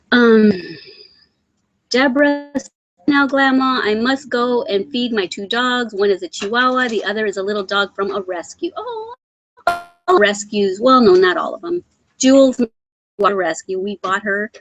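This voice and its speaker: A middle-aged woman from Texas hosting a casual live crochet stream, chatting and reading comments aloud, with frequent ums and throat clearing. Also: medium pitch. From San Antonio, Texas. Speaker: crochet channel host reading live chat.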